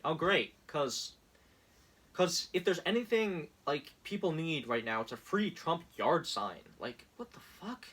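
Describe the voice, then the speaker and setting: A man's voice: on the high side, very animated, measured pace, fairly bright tone, breathy edge. A young man ranting sarcastically in casual commentary, exasperated and laughing often.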